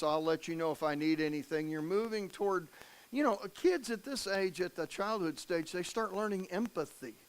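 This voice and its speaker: A preacher with a fairly high voice gives a sermon in a church. He keeps it conversational, asking the congregation questions as he goes. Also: a bit bright, poor audio.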